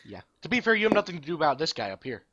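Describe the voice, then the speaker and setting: A man talks over a game with a friend, his voice bouncing up and down in pitch as he chats and laughs, sitting a bit high for a man. The sound is dull and muffled, like a cheap mic. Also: very animated, rapid-fire, fairly bright tone. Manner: chatty, laughs often, thinks aloud with fillers. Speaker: gaming YouTuber. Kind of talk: casual gameplay chat.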